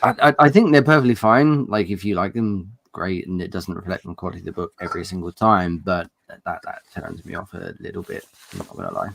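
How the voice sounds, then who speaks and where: A man's voice: low voice, fast talker, vocal fry, few pauses, a bit bright, no echo. A man with a British accent chatting casually as a guest on a book livestream, hesitant and self-deprecating, swearing now and then. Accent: British English. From England. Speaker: podcast guest.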